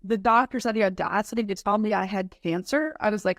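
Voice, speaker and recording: A woman's voice: medium pitch, dry recording. Middle-aged woman telling her story, dry sound. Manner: earnest, acts out her past reactions in quick asides. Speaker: podcast guest. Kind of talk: candid personal storytelling.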